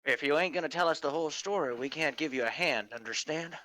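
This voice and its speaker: Man doing a gruff, tough-talking fox detective. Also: fairly high pitch, quick pace, bright, forceful tone, dry recording, voice pushed up, low-quality recording. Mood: threatening. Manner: tough-talking, slangy and drawling. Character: gruff, cigar-smoking male fox investigator.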